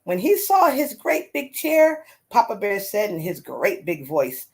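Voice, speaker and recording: Woman reading a storybook, animated. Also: medium pitch, measured pace, gravelly. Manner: expressive and animated. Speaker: storyteller host. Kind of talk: reading a children's story aloud.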